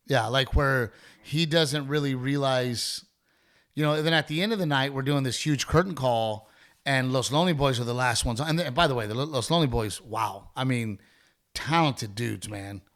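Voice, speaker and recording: A middle-aged man hosting a podcast, telling a story in a casual, rambling way, swearing freely and restarting his sentences often. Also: a little high. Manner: profane, rambling, animated storyteller with many restarts. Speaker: podcast host.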